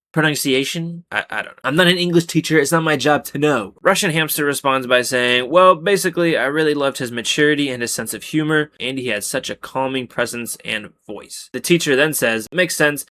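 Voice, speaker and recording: A man's voice: medium pitch, pushed and bright. A man reading out Reddit posts and breaking in with sarcastic, exasperated commentary in a casual chat style. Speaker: Reddit story narrator.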